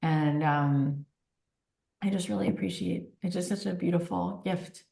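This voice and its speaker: A woman's voice: fairly low pitch, measured pace, vocal fry, warm tone, roomy sound. A woman guest on an interview podcast, talking in an earnest, effusive way with frequent fillers. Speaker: guest, author and podcast host. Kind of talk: casual interview talk.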